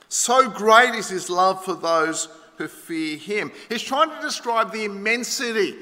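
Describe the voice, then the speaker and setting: A middle-aged Australian man preaching a sermon in a church, emphatic, swinging between loud stresses and hushed lines. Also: sits high. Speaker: pastor. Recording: reverberant church hall.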